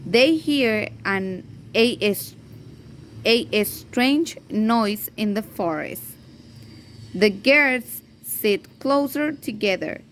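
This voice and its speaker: A woman teacher reading a children's story aloud in a careful, halting way, repeating and correcting words as she goes. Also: on the high side, slight background noise. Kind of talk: reading a story aloud slowly, then in Spanish.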